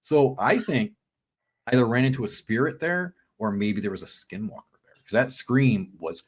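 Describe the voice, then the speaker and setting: As a guest in a casual podcast chat, a man tells a story animatedly, acting out his own quotes and sprinkling in "man" and "dude." His voice is mid-range at a moderate pace.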